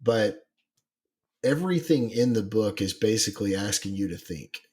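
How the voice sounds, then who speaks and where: A man co-hosting a casual podcast, his voice sitting fairly low. He rambles, restarts his sentences and leans on fillers as he thinks aloud. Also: lively intonation, normal speed, darkish tone, breathy edge. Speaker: podcast co-host. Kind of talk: casual chat.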